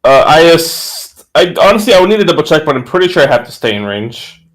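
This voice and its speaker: A man's voice: on the high side, big pitch swings, fast, rough recording. A man playing a tabletop game live, explaining rules with hesitant, stumbling speech. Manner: hesitant, stumbling over words. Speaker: tabletop player.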